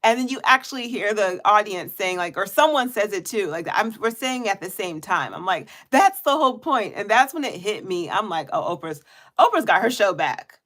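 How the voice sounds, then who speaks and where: A woman vlogger talking casually to her viewers, chatty and quick to laugh. Her voice sits at an ordinary middle pitch, and she breaks into lively quoted asides as she tells her stories. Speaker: vlogger hosting a weekly live check-in. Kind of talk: casual chat. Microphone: headphones on.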